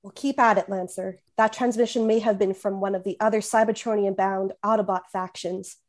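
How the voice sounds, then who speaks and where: A woman voicing a steady female robot squad leader, calm and reassuring. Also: medium pitch, brisk, lightly acted.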